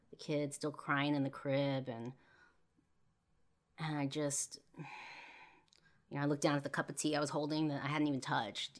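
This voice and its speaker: A young woman hosting a podcast, telling an emotional personal story in a casual way, with frequent fillers and swearing. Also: sits low. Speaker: podcast host.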